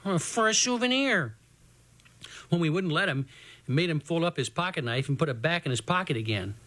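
Slightly high-voiced male storyteller. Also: fast talker, fairly bright tone. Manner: folksy first-person storytelling. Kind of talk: reading a children's adventure story.

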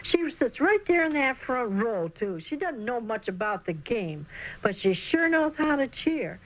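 A woman voicing an excited young boy baseball player in a storybook reading. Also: a little high, a little slow, voice pushed up, poor audio. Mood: mock-pompous. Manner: lively, excited. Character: eager young boy, first baseman.

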